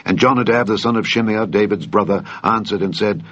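A man with a very low, husky voice reads scripture in a solemn, measured manner. The recording is dull and lo-fi, and completely dry. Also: dry recording. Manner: solemn, measured, archaic phrasing. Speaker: Bible reader.

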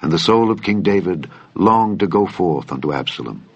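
A man with a very low, husky voice reads scripture in a solemn, measured manner. The recording is dull and lo-fi, and completely dry. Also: expressive, no echo. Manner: solemn, measured, archaic phrasing. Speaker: Bible reader.

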